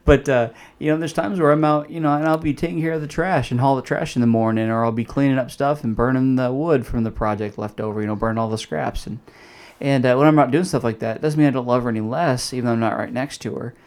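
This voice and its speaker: A man's voice: mid-range voice, steady tone, fast, darkish tone. A young adult man hosting a casual podcast on faith, explaining loosely with plenty of fillers. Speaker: host.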